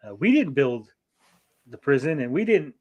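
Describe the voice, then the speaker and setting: A man's voice: a little high, big pitch swings, a little mellow, muffled recording. A man co-hosting a podcast, casually recapping a TV episode in a profane, rambling way and briefly acting out the characters. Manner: profane, rambling, acts out characters in quick asides. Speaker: podcast co-host.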